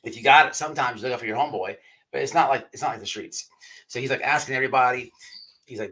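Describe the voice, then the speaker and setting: A man's voice: mid-range voice, quick pace, sharp tone, breathy edge, poor audio. Man telling a rambling story. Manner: rambling, repeats himself, swears often. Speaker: podcast host. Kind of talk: casual storytelling on a livestream.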